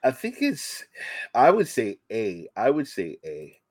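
A man co-hosting a casual sports chat, talking excitably with many halting restarts. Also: medium pitch, slightly rough, dry recording. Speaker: podcast co-host.

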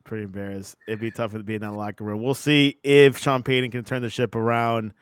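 A man hosting a casual sports chat, steering it with quick questions. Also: on the low side, little pitch movement, clean tone, dry recording. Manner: leads topics with quick questions. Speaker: podcast host.

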